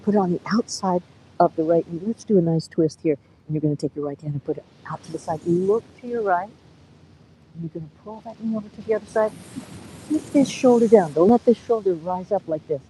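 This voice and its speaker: A woman over fifty teaching a live yoga class outdoors on a beach, giving gentle, coaxing cues and counting breaths. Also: on the low side, brisk, a little hiss or hum, poor audio.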